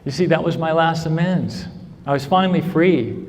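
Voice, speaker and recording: A man's voice: a little high, moderate pace. Earnest man speaking in an echoing hall. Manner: earnest storytelling, asks "right?" often. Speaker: recovery speaker. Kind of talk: personal testimony talk. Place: large convention hall. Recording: convention hall with long reverb.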